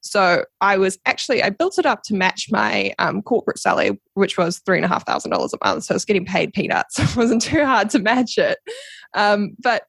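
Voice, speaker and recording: Animated young New Zealand woman. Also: medium pitch, a little fast, vocal fry, breathy edge, dry recording. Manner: animated, laughs often, acts out quoted voices. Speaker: guest. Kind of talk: casual storytelling interview.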